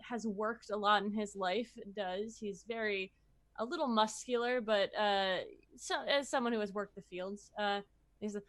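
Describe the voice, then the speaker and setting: Woman player, bright and slow-spoken, hesitant description. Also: mid-range voice, fairly even intonation. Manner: hesitant, full of fillers. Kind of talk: describing a tabletop character.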